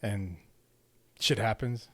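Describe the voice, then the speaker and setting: A man's voice: fairly low pitch, slow pace, fairly bright tone, no room sound. A man, a father and podcast co-host, telling a story casually and rambling, swearing a lot and checking in with his listener. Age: young adult to middle-aged father. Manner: rambling, profane, keeps checking in with 'right?'.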